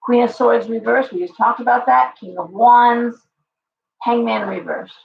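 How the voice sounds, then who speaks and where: A woman's voice: on the high side, fairly even intonation, measured pace, creaky, a little hiss or hum. A woman hosting a live-stream tarot reading, chatty and reassuring, talking straight to her viewers while she is losing her voice. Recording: roomy, slightly dull live-stream audio.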